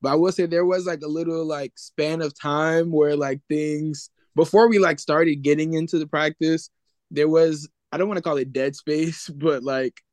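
A man's voice: a little high, steady tone, moderate pace, darkish tone, dry recording. A man, a band member, answering hesitantly and searching for words in a casual interview.

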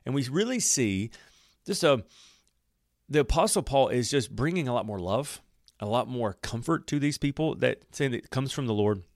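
A man teaching the Bible on a podcast, speaking at a middle pitch in a loose, conversational way. He backs up and rephrases as he goes. The sound is dry and close, with no room around it. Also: lively intonation, normal speed, no room sound. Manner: warm, conversational storytelling with self-corrections.

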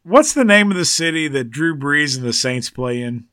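Man, podcast co-host, bright forceful tone, dry close mic, animated sports banter. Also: fairly high pitch, normal speed, no room sound. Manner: animated, teasing, emphatic. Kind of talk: casual sports chat.

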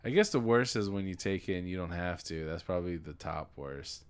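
A man's voice: sits low, lively intonation, brisk, clean tone. A young man co-hosting a casual podcast, laid-back and teasing. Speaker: podcast co-host. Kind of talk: casual chat.

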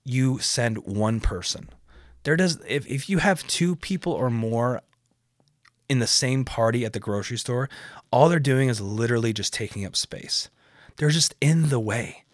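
A man's voice: mid-range voice, dry recording, clean studio sound. A young man hosting a podcast, delivering a rambling, profane rant that keeps getting sidetracked. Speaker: podcast host. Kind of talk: casual ranting monologue.

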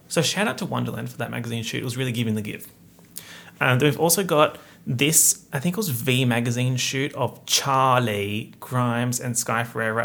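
A man's voice: medium pitch, gravelly, a bit bright. A young man from Perth, hosting his podcast with a chatty, campy update full of slang and self-mockery. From Perth, Australia. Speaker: podcast host. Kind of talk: casual update chat.

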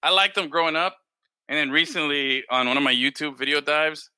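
A man's voice: a little high, fairly even intonation, fairly quick, sharp tone, clean tone, no echo. A man hosting a casual chat over a video call, laid-back, swearing casually and laughing often. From Miami. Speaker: host.

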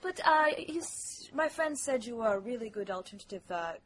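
A woman's voice: a little high, lively intonation, normal speed, a crowd in the background, close to an everyday voice. A woman voicing a naive, trusting female patient with a made-up foreign accent and broken English, in a comedy podcast sketch. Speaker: podcast co-host.

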